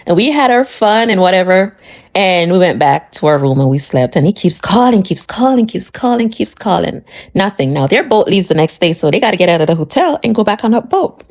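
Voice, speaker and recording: A woman's voice: medium pitch, very animated, fairly quick, darkish tone. A woman from the United States casually telling a personal story in a chatty, sassy way, repeating phrases for emphasis.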